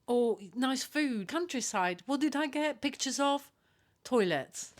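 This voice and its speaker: A woman co-hosting a podcast in a higher register. She teases her co-host and giggles often, keeping the chat loose and playful. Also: expressive, slow pace. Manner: teasing, giggly. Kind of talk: casual chat.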